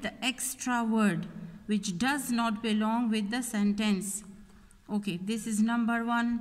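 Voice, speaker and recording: A woman teaching a grade-one English lesson, repeating each sentence slowly and explaining words in Hindi-Urdu. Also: fairly high pitch, in a large hall. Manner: slow, deliberate repetition of sentences, mixing in Hindi-Urdu explanations.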